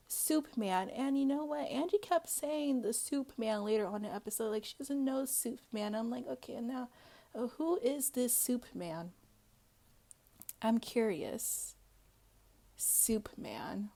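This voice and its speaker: A woman's voice: a little high, a little slow, a little mellow. A woman giving a casual, chatty TV recap, full of fillers and acted-out quotes. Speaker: recap host.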